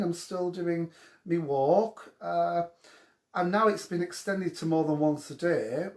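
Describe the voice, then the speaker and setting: A man hosting a casual live question-and-answer show from home, with cheeky, gossipy banter aimed at his viewers. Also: on the high side. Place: at home during lockdown. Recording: echoey room.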